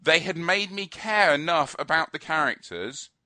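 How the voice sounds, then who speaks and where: A man's voice: a little high, animated, moderate pace, bright, forceful tone, dry recording, studio quality. A man co-hosting a film review radio chat, opinionated and rambling, with many fillers and restarts.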